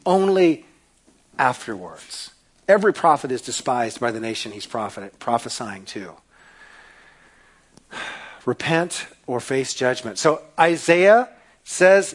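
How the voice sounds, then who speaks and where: Male preacher with a slightly high voice, storytelling sermon, dramatic swings from hush to loud. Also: very animated, measured pace. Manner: casual modern phrasing.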